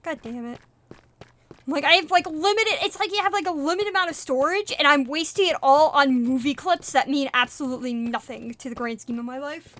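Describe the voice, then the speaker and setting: A woman streaming a video game, chatting casually and retelling things in a rambling, animated way with fillers and swearing. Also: sits high, a little fast. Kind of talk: casual live-stream chatter while gaming.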